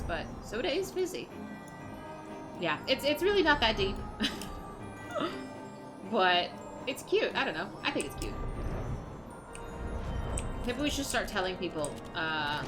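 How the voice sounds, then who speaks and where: Chatty woman streamer over game music. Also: mid-range voice. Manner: chatty and rambling, many fillers. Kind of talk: casual livestream chat while gaming.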